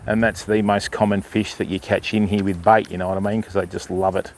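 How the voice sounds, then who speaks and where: A man's voice: fairly low pitch, flat delivery, a little fast, a little mellow. An older Australian man chatting casually on a riverside fishing livestream, answering viewers and calling them mate and bud. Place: outdoors by a river.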